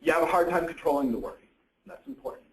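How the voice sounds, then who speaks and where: A man gives a relaxed, conversational presentation, posing questions to his listeners and answering them himself. His voice sits a little high. The sound carries the echo of a roomy hall. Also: fast. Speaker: presenter on psychiatric issues. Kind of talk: educational presentation. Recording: echoey room.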